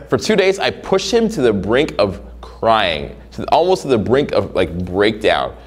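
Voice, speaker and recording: His voice is fairly low, slightly rough, and a little slow as he talks like a dating coach. The monologue is casual and profane, and he animatedly acts out scenarios using different voices.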